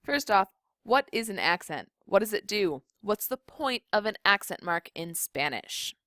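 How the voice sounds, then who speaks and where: A young woman teaching a recorded video lesson, explaining rules clearly and slowing down on key points. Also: medium pitch, sing-song, bright, forceful tone, no echo, studio quality. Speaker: Spanish teacher.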